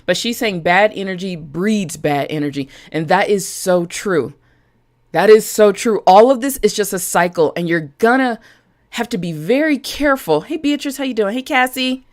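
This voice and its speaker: A woman's voice: mid-range voice, animated, moderate pace. A woman business coach talking directly to live-stream viewers, chatty and frank, greeting people by name as she goes.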